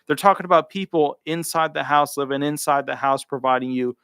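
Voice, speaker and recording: A man's voice: a little high, fairly quick, fairly bright tone, clear, resonant tone, no room sound, clean studio sound. A man working as a disability attorney, giving live commentary while reading a rule aloud, with emphatic repeated words and offhand asides between the passages.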